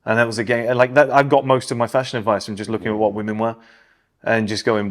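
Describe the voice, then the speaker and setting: Fast-talking British man, blunt and casual. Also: mid-range voice. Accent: neutral British. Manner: blunt, animated storytelling with many "like" fillers. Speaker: podcast co-host. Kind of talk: casual podcast chat.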